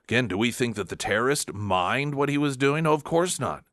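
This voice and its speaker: A man's voice: medium pitch, expressive, a little fast, a bit bright, no echo, studio quality. A man hosting a talk radio show, delivering an emphatic, combative political monologue with sarcastic asides.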